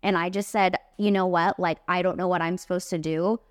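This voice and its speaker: Animated young woman telling a story. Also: fairly low pitch, a little fast, dry recording, studio quality. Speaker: podcast host, makeup artist. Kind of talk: casual storytelling.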